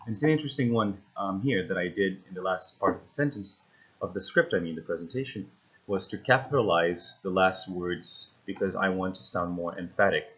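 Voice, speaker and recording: A man's voice: low voice, fairly quick, a bit bright, highs cut off. A man teaching a recorded lesson, walking through steps and often saying "again" and "basically" with frequent ums. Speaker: instructor.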